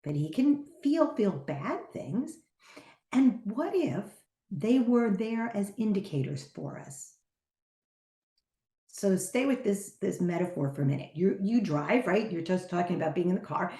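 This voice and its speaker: A middle-aged woman teaching on a podcast, an animated storyteller who acts out the voices she quotes. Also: mid-range voice, unhurried. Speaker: podcast guest, teacher and trainer. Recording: echoey room.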